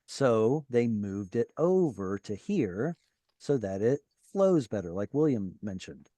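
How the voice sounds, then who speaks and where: A man's voice: fairly low pitch, big pitch swings, slow pace, warm tone, dry recording. A man teaching an online Hebrew reading class, patiently explaining grammar and encouraging his students. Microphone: video call.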